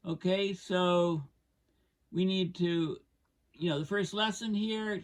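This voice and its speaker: A man's voice: medium pitch, vocal fry, distant mic. A man casually explaining climate science over charts, thinking aloud with fillers and bursts of emphasis.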